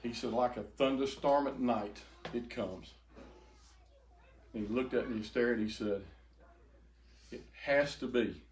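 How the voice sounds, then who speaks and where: An older man telling an emotional personal testimony to a group, halting and repeating words as he goes. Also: mid-range voice, fairly even intonation, darkish tone. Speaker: speaker giving a testimony. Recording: echoey room, faint noise.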